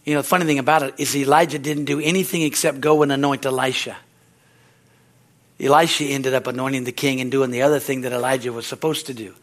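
A man preaching a sermon in a conversational style, often asking the congregation "Amen?" and acting out quoted voices, rising loud at climaxes and dropping soft. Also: mid-range voice, fairly even intonation, fast. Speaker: pastor.

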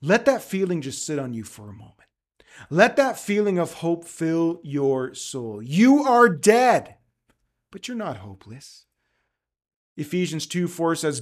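Animated, high-voiced preaching man. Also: a little slow. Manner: emphatic, conversational preaching. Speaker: pastor. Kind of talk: sermon. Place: outdoor church service in a park.

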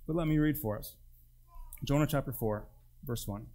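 A man's voice: mid-range voice, normal speed, pauses often, mellow. A male pastor preaching a sermon in church in a conversational, emphatic way. He puts direct questions to the congregation. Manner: emphatic, with acted-out quotes.

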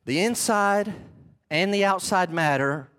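Guy pastor preaching, kinda high voice, chatty with big emphatic bits. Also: a little slow, a bit bright, clean tone. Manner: conversational, emphatic preaching with sudden bursts and asides. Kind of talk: sermon.

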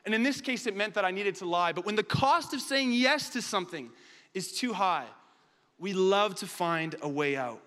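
A man's voice: high-pitched, animated, normal speed, pushed and bright, in a large hall. A man preaching a sermon and telling a funny story with lots of animation. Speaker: pastor.

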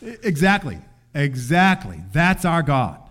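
An older man preaching, telling a family story in an animated way and acting out voices. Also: a little high, measured pace, slight background noise. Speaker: pastor. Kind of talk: sermon storytelling.

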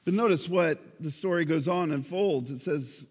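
Male pastor, high voice, emphatic sermon delivery, long hall reverb. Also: breathy edge. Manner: emphatic, with slow stressed phrases.

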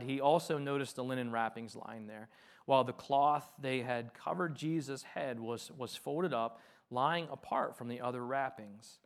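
A man pastor delivering a sermon, reading scripture aloud and explaining it, swinging between loud emphatic passages and quiet, soft asides. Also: mid-range voice.

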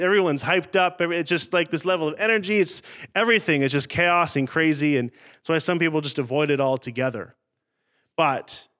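A man preaching a sermon in church, earnest and conversational, with dramatic pauses. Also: on the high side, fairly bright tone. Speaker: pastor.

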